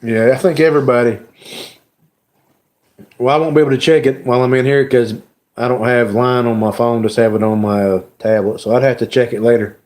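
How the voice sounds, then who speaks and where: Halting, emotional man hosting a live stream. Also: mid-range voice, fairly even intonation, a little mellow. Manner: emotional, halting, lots of "you know" fillers. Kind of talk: casual live-stream chat.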